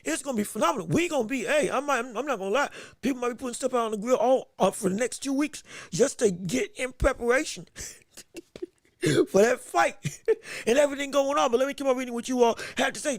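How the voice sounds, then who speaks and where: A high-pitched man hosting a live podcast stream, his voice gravelly with fry. He talks in an energetic, excitable way, greeting viewers and restarting his sentences. The sound is dry and close. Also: brisk, dry recording. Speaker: podcast host. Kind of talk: live-stream boxing podcast, reading the chat.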